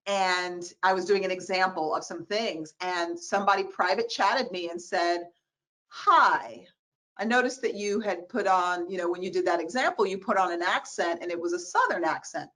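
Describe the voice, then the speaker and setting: A woman in her forties, a diversity expert, telling personal stories in a webinar interview on a video call, animated and expressive. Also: lowish voice, low-quality recording. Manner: animated, expressive storytelling with quoted voices. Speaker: diversity expert, guest speaker.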